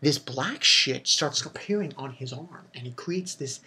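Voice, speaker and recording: A man giving a casual spoken review of a comic chapter, retelling it excitedly with swearing and lots of fillers. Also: mid-range voice, unhurried, slightly rough. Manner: excitable, loose and profane, with many fillers. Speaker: manga reviewer.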